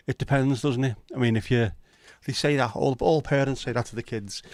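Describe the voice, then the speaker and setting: A man hosts a casual livestream, ribbing his viewers with easygoing, teasing humor. His voice sits at an ordinary middle pitch. The sound is close and dry, with no room echo. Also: steady tone, brisk, few pauses, darkish tone. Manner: joking, teasing banter with viewers. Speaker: livestream host.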